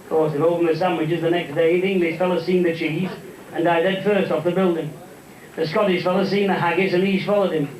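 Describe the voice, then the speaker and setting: Male stand-up comedian, high voice, live gig, echoey room. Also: fairly even intonation, a little mellow, recorded from a distance. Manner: brisk storytelling, switching into character voices. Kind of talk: live stand-up joke telling. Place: live venue with audience.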